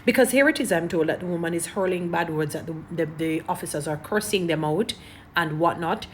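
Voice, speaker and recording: Jamaican woman commentator, lowish voice, preachy and emphatic, light background hiss. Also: brisk. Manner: emphatic, preachy, repeats points. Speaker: online commentator. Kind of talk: casual commentary to camera.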